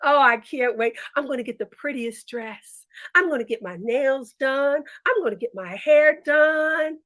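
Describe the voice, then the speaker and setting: Woman storyteller doing a vain, giddy milkmaid, high and sing-song. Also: unhurried, a bit bright. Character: vain daydreaming young milkmaid girl.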